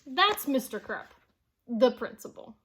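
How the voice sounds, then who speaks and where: A woman reads a children's chapter book aloud in a high, bright voice. She takes her time and tells it playfully and expressively, turning now and then to ask her young listeners questions. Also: very animated, a little slow, breathy edge. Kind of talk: storybook read-aloud for children.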